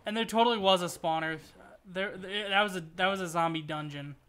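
High, bright-voiced male streamer. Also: a little fast, clean tone. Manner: rambling, joking, swears at the game. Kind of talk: casual gameplay commentary.

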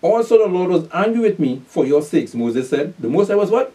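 A man preaching a sermon, reading scripture verses aloud and explaining them, breaking in often to tell listeners to pay attention and rising sharply in pitch and volume to stress points. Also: expressive, a little fast, few pauses, mellow. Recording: voice from a distance from the mic.

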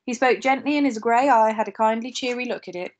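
A woman's voice: fairly high pitch, fast, a little hiss or hum. Woman teacher reading a story aloud. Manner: steady reading with occasional slips and asides. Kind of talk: reading a novel aloud to pupils.

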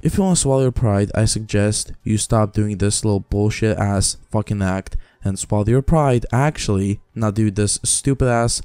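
A man's voice: fairly low pitch, normal speed, hardly any pauses, dark tone, no echo. Profane, exasperated man ranting. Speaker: reaction channel host. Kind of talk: ranting commentary.

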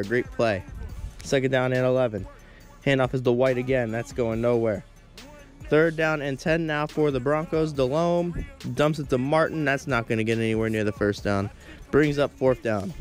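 A teenage boy doing play-by-play commentary over his football video game, often tripping over his words and apologizing. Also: fairly high pitch. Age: teens. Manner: stumbles over words, self-deprecating asides. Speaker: gameplay commentator. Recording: game music in background.

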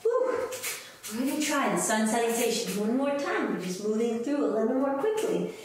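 With a voice on the high side, big swings in pitch, and a brisk pace, a woman teaches children's yoga playfully and in a sing-song way, joining the kids in animal sounds. The recording is echoey and faintly noisy, with her voice at a distance.

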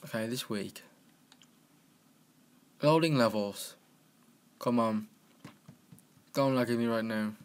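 A man giving casual, excitable let's-play commentary from his computer, talking to the game and yelping at crashes. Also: medium pitch, slow, long pauses. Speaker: gaming channel host. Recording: home mic with clear keyboard clicking.

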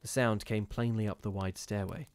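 A man reading a gothic ghost story aloud in a measured, steady storytelling manner with occasional brief restarts. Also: lowish voice, clean tone. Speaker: reader of ghost stories.

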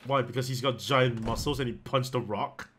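A man from the United Kingdom streaming a horror game, joking and chatting casually with bursts of loud surprise. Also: medium pitch, steady tone, moderate pace, a little hiss or hum. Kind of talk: casual chat over gameplay.

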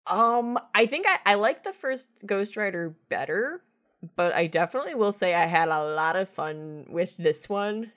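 A woman's voice: medium pitch, expressive, moderate pace, a bit bright. A woman guest in a casual chat, explaining things and often restarting her sentences. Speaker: podcast guest.

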